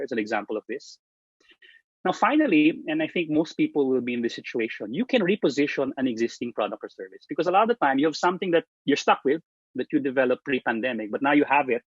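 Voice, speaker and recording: A man giving a presentation on marketing, speaking emphatically, starting phrases high and letting them trail off. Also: breathy edge, no echo. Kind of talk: presentation talk. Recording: dull lo-fi dry sound.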